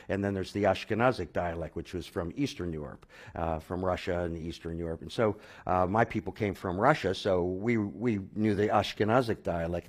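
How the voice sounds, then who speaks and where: A man telling his personal conversion story, halting with fillers and restarts, then growing animated and laughing at the funny parts. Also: low voice. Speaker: speaker sharing a personal conversion testimony.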